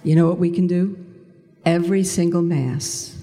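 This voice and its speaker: A woman's voice: on the low side, fairly even intonation, warm tone. Earnest woman speaking in a reverberant hall. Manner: earnest, slowing for emphasis. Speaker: speaker giving a conversion testimony. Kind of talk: testimony talk.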